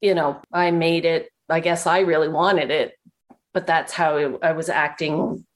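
A woman guest in an interview, speaking candidly and reflectively with halting pauses. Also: deep voice, steady tone. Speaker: guest, movement instructor. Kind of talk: conversational interview.

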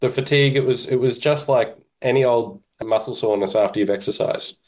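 A man, a podcast guest talking in a relaxed, self-deprecating way with halting restarts. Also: medium pitch. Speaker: podcast guest, kettlebell instructor. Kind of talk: casual interview chat.

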